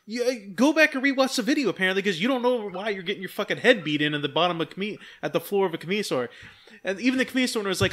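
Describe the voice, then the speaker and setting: A man co-hosting a podcast, telling a story in a lively way, acting out the voices of the people in it and swearing freely. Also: sits high, quick pace. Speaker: podcast co-host. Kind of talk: casual chat.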